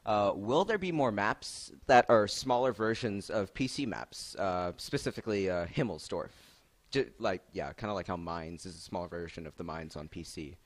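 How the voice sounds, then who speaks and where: A man's voice: sits low, moderate pace. A man hosting a casual Q&A on his stream, rambling with many fillers and laughs. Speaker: stream host asking questions.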